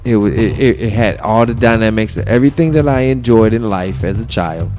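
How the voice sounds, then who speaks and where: A man's voice: on the low side, fairly quick, a little mellow, faint music behind. A man hosting a casual interview, telling stories in a loose, profane way. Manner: profane, laughing storyteller. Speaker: podcast host.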